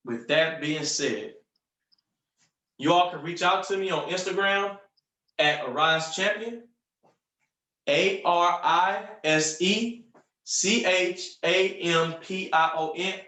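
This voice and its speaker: Upbeat male sales coach, high voice, punchy delivery with lots of repetition, recorded off-mic in a roomy space. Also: bright, forceful tone, far from the mic. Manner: upbeat, punchy, repeats phrases for emphasis. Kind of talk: motivational coaching on a group call.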